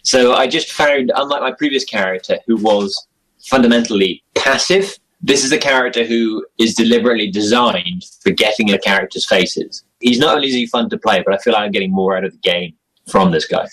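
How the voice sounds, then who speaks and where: The recording is rough, and the young man's fairly low, slightly bright voice moves a little fast. He's an interview guest casually discussing his role-playing game character, meandering, teasing himself, and chuckling often.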